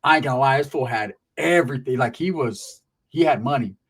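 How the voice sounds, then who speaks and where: A man's voice: mid-range voice, brisk, breathy edge. Streetwise man. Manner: streetwise, rambling, checks in with "right?". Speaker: storyteller. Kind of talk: casual profane storytelling.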